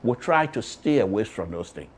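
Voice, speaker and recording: A man's voice: fairly low pitch, sing-song, normal speed, husky. Emphatic Liberian man hosting political talk. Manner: emphatic, repetitive, shifts between loud and quiet. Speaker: radio show host. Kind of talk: political commentary.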